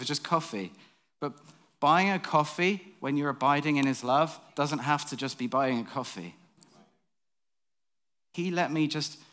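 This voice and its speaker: A man's voice: fairly high pitch, fairly bright tone. Chatty male preacher. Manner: chatty, self-mocking storytelling. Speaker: pastor. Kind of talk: sermon storytelling. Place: church.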